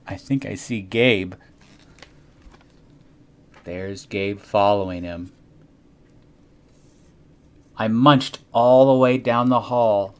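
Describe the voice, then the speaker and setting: A young adult man reading a children's storybook aloud in an expressive, animated way. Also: lowish voice. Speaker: storybook reader.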